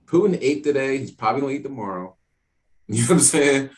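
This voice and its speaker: A man leads a weeknight Bible class in loose, streetwise talk. His mid-range voice swings widely in pitch as he acts out asides and rhetorical questions. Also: fairly quick. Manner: conversational, streetwise, animated asides. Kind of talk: casual teaching talk.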